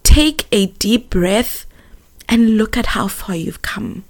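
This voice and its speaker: A gentle, patient grandmother offers comfort, as a young woman quotes her. The speech is soft and reassuring and stays slow and calm. The pitch sits at a middle level. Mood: soothing.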